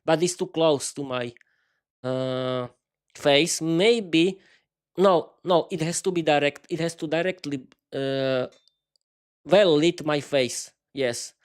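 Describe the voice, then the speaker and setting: A man with a slightly higher than usual voice rambles casually to his live-stream viewers. He stumbles and restarts his sentences often, stuttering through his words, and speaks into a desk microphone in a small home studio. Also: slow, clean tone. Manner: hesitant, stuttering, many restarts; chatty, talks to viewers while fiddling with lighting. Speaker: podcast host.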